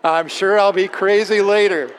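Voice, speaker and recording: A pastor voicing a stubborn, cheerfully defiant elderly preacher in a retold story, insistent and good-humored. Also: male voice, sits high, steady tone, normal speed, long reverb tail, slight background noise, close to an everyday voice.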